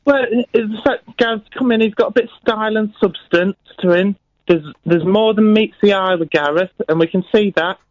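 A man's voice: sits high, moderate pace, no echo. A male caller on a radio phone-in who argues about football in a put-on camp manner, calling the host honey. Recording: dull phone line.

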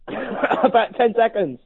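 Caller, man with a Somerset accent, high husky voice over a tinny phone line, cheeky. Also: animated, slow pace. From Somerset, England. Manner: cheeky, chatty. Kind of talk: radio phone-in call.

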